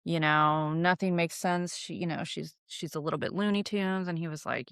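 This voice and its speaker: A woman's voice: low-pitched, brisk, fairly bright tone, clear, resonant tone, dry recording, clean studio sound. A young woman hosting a witchcraft podcast, telling stories and teaching in a candid, casual way, swearing freely and using many fillers. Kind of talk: casual storytelling lesson.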